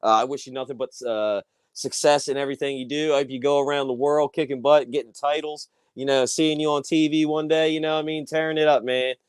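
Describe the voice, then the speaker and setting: A man's voice: on the high side, fairly even intonation, fast talker, clear, resonant tone, dry recording. A man co-hosting a casual chat show, rambling and laid-back with lots of fillers. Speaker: podcast co-host.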